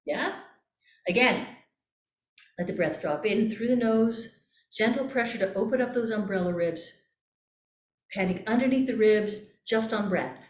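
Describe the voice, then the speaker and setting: A woman voice coach calmly guiding a breathing exercise, repeating gentle cues. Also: medium pitch, a little slow, long pauses. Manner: calm, coaxing, repeats cues. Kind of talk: guided breathing exercise instruction. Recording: echoey room.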